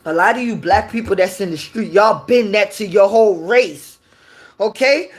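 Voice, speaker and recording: New york lady going off on a rant, kinda high voice, slow, preachy. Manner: heated, preachy, repeats her points. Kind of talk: opinion rant to camera.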